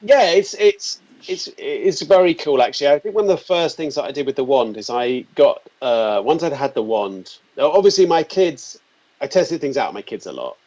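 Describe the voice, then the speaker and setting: A man in his forties telling animated anecdotes as an interview guest, acting out the quotes. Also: a little high, normal speed. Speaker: guest, company founder. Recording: dull lo-fi sound.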